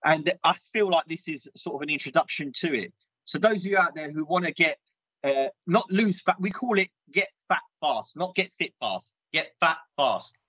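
A man's voice: on the high side, moderate pace, a bit bright, husky, no room sound, muffled recording. A man playing a big, earnest, clueless self-styled diet guru in a comedy sketch, instructor patter full of "yeah?" and "right?".

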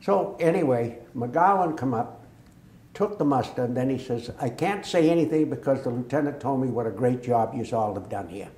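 A man's voice: medium pitch, normal speed. Older man telling war stories. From Massachusetts. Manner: lively storyteller who acts out quoted dialogue. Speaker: veteran interviewee. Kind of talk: oral history storytelling. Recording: echoey room.

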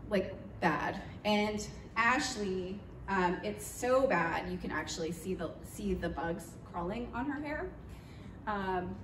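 A woman telling a church congregation about a trip in a lively, chatty way, with plenty of fillers and acted-out quotes. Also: mid-range voice, slight background noise. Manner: animated, chatty, lots of fillers, acts out quotes. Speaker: mission trip leader speaking to church. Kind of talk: storytelling trip recap. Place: church hall. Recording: roomy echoey hall, mic far off.

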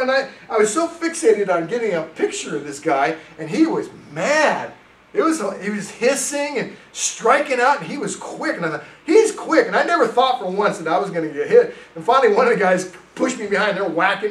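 Male pastor, sermon delivery, animated storyteller, roomy church sound. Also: high voice, far from the mic. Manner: animated storytelling, reads scripture aloud. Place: church sanctuary.

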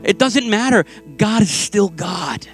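A pastor preaching a sermon with passion, moving between loud, urgent lines and hushed ones. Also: male voice, high-pitched, expressive, measured pace, faint music behind. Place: church sanctuary.

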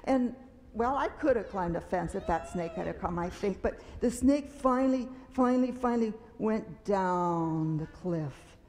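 A woman telling a children's story at a church service, animated and dramatic, acting out fearful cries and screams. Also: medium pitch, a little slow, in a large hall. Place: large meeting hall.

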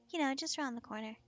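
A woman's voice: high voice, a bit bright, dull audio. A woman from the United States hosting a casual gaming stream, giggling often and teasing playfully. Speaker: streamer host.

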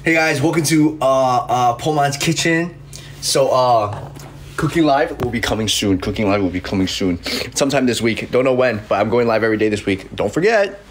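Young male streamer, sniffly from a cold, playful and lively, jumping up and down in pitch while reading chat. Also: moderate pace, a little hiss or hum. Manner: playful, jokey, reacting to comments. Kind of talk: casual livestream chat. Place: his room in an apartment. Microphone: desk mic.

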